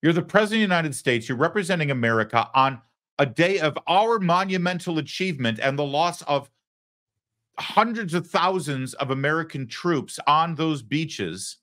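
A man's voice: fairly high pitch, lively intonation, normal speed, fairly bright tone. A man hosting a political commentary show, talking in a sarcastic, indignant way. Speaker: host.

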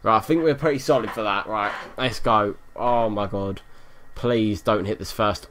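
A man giving live gameplay commentary, excitable, swearing often and yelling at the game. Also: fairly low pitch, moderate pace. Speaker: gaming YouTuber.

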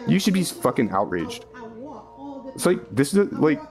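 A man's voice: medium pitch, sing-song, moderate pace, creaky, over music. A man from the northern United States ranting angrily into a phone, swearing heavily and laughing between lines. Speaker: vlogger. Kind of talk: angry profane rant.

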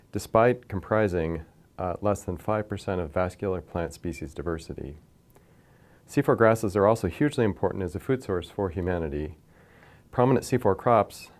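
A man lecturing from slides in a measured, explanatory way, pointing to figures as he goes. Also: low-pitched, a little mellow. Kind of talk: scripted science lecture over slides.

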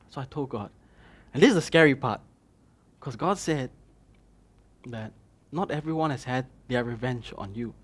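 A man's voice: mid-range voice, expressive, normal speed, long pauses, husky. A man with a Malaysian English accent preaching a conversational sermon, acting out his own dialogue with God. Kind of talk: sermon with personal story.

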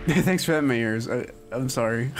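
A young man chatting casually on a livestream, rambling with lots of "like" and "um" fillers. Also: mid-range voice. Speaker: streamer. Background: faint music.

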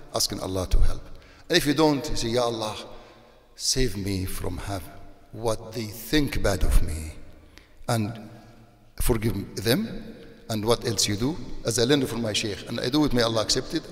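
In a reverberant hall, a sheikh delivers a sermon at medium pitch in a male voice. He speaks non-native English, repeatedly using Arabic religious phrases, and turns animated when he scolds.

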